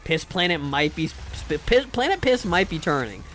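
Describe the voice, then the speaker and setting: A man's voice: on the high side, sing-song, moderate pace, a bit bright, a little hiss or hum. A man streaming a game live, joking around as he plays and reads chat, often repeating words while he talks. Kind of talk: live gameplay commentary and chat reading.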